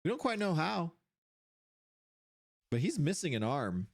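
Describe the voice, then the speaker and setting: An animated streamer, thinking aloud while playing a game, voice jumping up high when surprised. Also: a little slow, creaky. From Seattle area, USA. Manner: animated, puzzling things out, sudden jumps to high pitch.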